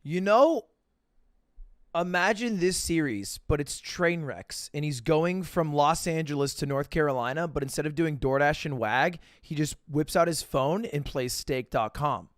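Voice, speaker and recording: A man's voice: a little high, no echo. A young adult man giving casual, joking commentary while reacting to videos on a live stream. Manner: joking, animated, quick asides.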